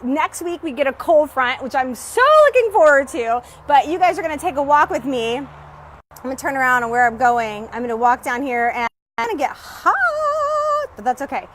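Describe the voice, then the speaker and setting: A woman's voice: sits high, big pitch swings, moderate pace, a bit bright, a little hiss or hum. A woman business coach chatting on a live stream while walking home outdoors, upbeat and a little out of breath, often greeting her viewers. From Texas. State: slightly out of breath.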